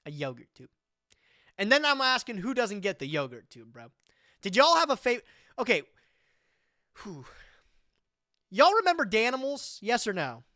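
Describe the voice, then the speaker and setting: A streamer in their twenties reads text from the web on a live stream and comments on it, chatty, animated, and full of slang and "bro." Their medium-pitched voice moves at normal speed with frequent pauses, with no room sound and clean studio audio.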